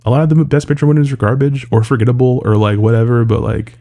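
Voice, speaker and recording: A man's voice: medium pitch, fast, dark tone. A man giving an exasperated, sarcastic and profane rant in casual commentary, full of filler words.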